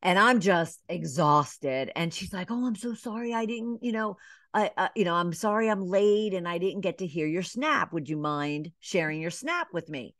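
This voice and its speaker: Middle-aged woman from atlanta, coach on a podcast, lowish voice, lots of "you know", acts out little quotes, dry sound. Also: animated, normal speed, a bit bright, dry recording. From Atlanta, Georgia. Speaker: business coach and podcast guest. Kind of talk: casual interview storytelling.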